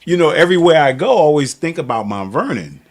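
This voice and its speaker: A man's voice: fairly high pitch, sing-song, quick pace. A man hosting a podcast, chatting in a loose storytelling manner and laughing often. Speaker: podcast host. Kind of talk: casual conversational interview.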